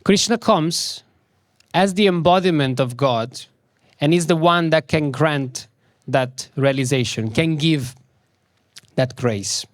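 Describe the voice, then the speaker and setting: A swami gives a spiritual talk in a somewhat high voice, speaking slowly and repeating phrases for emphasis. The sound is dry and close-miked, with no echo.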